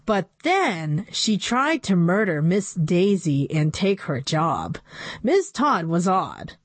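A woman's voice: mid-range voice, big pitch swings, slow, dry recording. A woman narrating a children's book in a playful first-person storytelling voice. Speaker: audiobook narrator.

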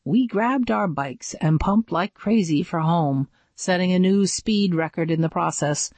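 A woman reading a first-person adventure story aloud with dramatic, expressive narration. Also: lowish voice, measured pace, no echo. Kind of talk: audiobook narration.

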